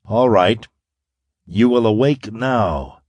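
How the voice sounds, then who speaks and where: A man's voice: lowish voice, slow, darkish tone, no echo. A man voicing a confident young space hero in an audiobook, wry, clipped and commanding.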